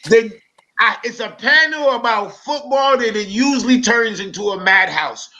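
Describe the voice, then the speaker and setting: A man on a heated football panel, loud, profane and combative. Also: extremely high pitch, moderate pace, a crowd in the background.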